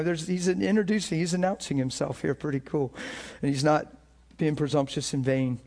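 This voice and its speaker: High-voiced animated male pastor. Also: moderate pace. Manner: animated, acts out imagined thoughts in a hushed voice; laughs between points. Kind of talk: conversational sermon.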